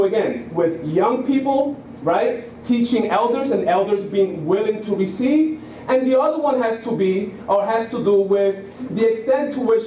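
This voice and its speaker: A fairly high-pitched man from Puerto Rico speaks to a room in a loose, storytelling way, tossing "right?" to his listeners. The sound is roomy and echoey, with a faint hiss underneath. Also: darkish tone, far from the mic. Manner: conversational storyteller, keeps asking "right?". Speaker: guest speaker. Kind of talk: public talk. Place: lecture room.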